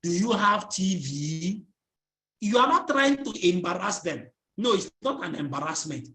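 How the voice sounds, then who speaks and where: A man's voice: high voice, big pitch swings, a little slow, bright, forceful tone, roomy sound. A man with a Nigerian English accent giving a motivational training talk as a network marketing trainer. He keeps asking his listeners questions and has them fill in his sentences. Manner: drills the audience with repeated questions and fill-in-the-blank prompts.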